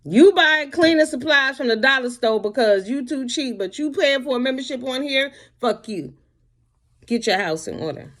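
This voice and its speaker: A woman's voice: sits high, expressive, moderate pace, a bit bright. A woman, ranting bluntly to camera from home in a sassy, heavily profane commentary vlog. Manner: blunt, sassy, heavy cursing. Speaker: commentary vlogger.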